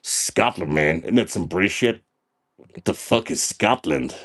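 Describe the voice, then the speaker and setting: A man's voice: low voice, lively intonation, measured pace, fairly bright tone, breathy edge, full character voice. A man playing a crude, boastful party dude on a comedy livestream, swaggering and tacking "man" onto almost every sentence. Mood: brash. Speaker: livestream character host. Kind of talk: comedic livestream persona reading chat.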